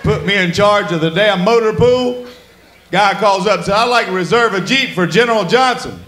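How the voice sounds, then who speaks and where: A high-voiced man works a comedy club stage, spinning crude stories in a drawl and acting out every character. The room is echoey around his mic. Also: moderate pace, background noise. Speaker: stand-up comedian. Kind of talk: stand-up comedy set. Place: comedy club stage before a laughing audience.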